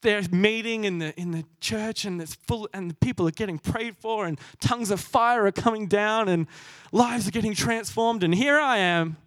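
A man's voice: high-pitched, moderate pace, hardly any pauses, fairly bright tone, no room sound, studio quality. A young man preaching a sermon, earnest and self-deprecating, laughing at himself as he goes.

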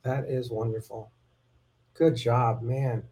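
A man's voice: mid-range voice, fairly even intonation, a little mellow. A man hosting a podcast interview, asking questions and chiming in with short, encouraging replies. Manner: encouraging, quick short affirmations. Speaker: podcast host. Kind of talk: casual interview chat.

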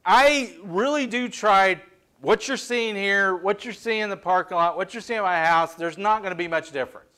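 A middle-aged man delivers a sermon in a conversational, confessional way. His voice sits notably high for a man, and he rises and falls sharply in pitch and loudness as he admits his own faults to the congregation. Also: moderate pace. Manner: candid, self-deprecating, conversational preaching with lively swings in pitch and volume. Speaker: pastor.

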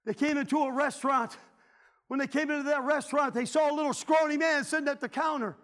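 A middle-aged male pastor, preaching a revival sermon fervently, often shouting. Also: extremely high pitch, fairly even intonation, fast talker. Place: church sanctuary.

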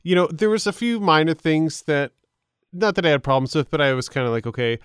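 A man's voice: a little high, a bit bright, clean tone, no room sound, clean studio sound. A man co-hosting a casual film review podcast, easygoing and chatty. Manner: easygoing, quick to agree and laugh along. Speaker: podcast co-host.

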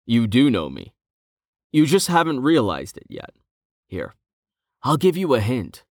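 Man playing Rain, a calm armored stranger. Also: medium pitch, a little slow, no echo, studio quality, full character voice. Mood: teasing.

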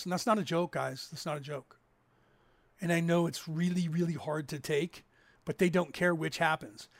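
Gravelly high-voiced man in his fifties. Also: no echo. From California. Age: 50s. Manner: rambling storyteller, acts out others' lines in raised voices. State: raspy from COPD. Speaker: livestream host. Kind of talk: casual livestream chat.

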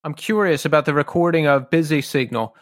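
A man's voice: fairly high pitch, a little fast, no room sound, studio quality. A man hosting a casual podcast interview, asking eager, fan-like questions about the music. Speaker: podcast host.

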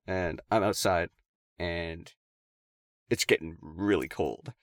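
A man's voice: low-pitched, slow, no room sound, clean studio sound. A man casually telling a long story to friends, swearing and laughing as he goes.

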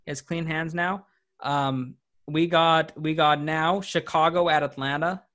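Slightly high and a bit bright, the young man's voice keeps a fairly level intonation. He co-hosts a sports podcast, talking casually, wandering off topic, and teasing his co-hosts with quick quips.

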